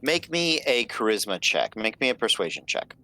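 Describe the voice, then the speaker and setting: A man's voice: medium pitch, very animated, normal speed, bright, forceful tone. A man narrating as game master of a tabletop game, loose and apologetic, with lots of fillers.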